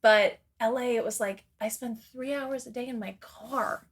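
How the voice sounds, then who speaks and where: A woman's voice: fairly high pitch, steady tone, normal speed. A woman speaking as a guest in a casual interview, rambling and candid, swearing freely and laughing often between her thoughts.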